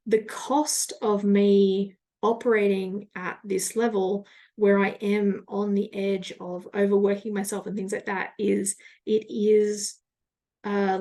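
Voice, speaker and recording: A woman's voice: mid-range voice, a little mellow. Woman podcast host, solo monologue, chatty and self-reflective. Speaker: podcast host and business coach.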